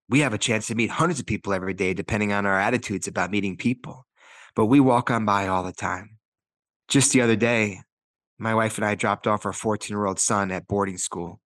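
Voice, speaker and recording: A man's voice: sits low, a bit bright, no echo. A man in his forties giving a motivational talk, walking through numbered points with personal stories and acted-out quotes. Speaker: motivational speaker and author.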